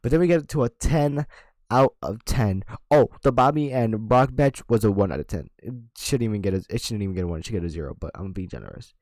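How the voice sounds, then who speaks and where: Excitable young-sounding man recapping wrestling. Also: fairly low pitch, fast, no echo. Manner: rambling, excitable, lots of restarts and sound effects. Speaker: wrestling reviewer.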